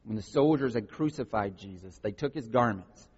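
A man preaching a sermon, reading scripture with acted voices and blunt asides, with a raspy voice. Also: on the low side, expressive, normal speed, darkish tone. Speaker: pastor. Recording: dull recording in large echoing hall.

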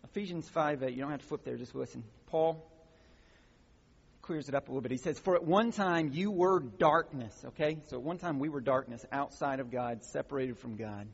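A man's voice: mid-range voice, a little fast, gravelly, slightly rough. A man preaching a sermon as pastor, explaining a passage in a teaching way and building to emphatic exhortations. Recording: muffled sound with long hall reverb.

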